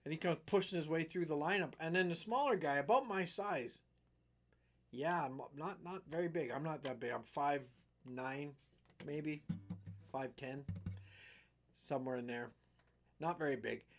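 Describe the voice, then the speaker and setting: A middle-aged man from western Canada hosts his own live stream and tells a long, rambling story in a casual way. His voice sits a bit high for a man. He gets animated and slips into the voices of the people in the story. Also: measured pace, pauses often. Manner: rambling, animated storyteller who acts out quotes.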